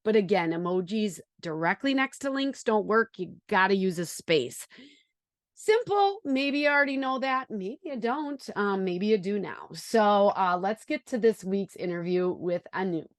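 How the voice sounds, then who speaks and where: A woman's voice: medium pitch, animated, unhurried, dry recording, studio quality. A woman with a Wisconsin accent hosting a podcast, chatty and enthusiastic as she talks tips and interviews a guest. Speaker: podcast host.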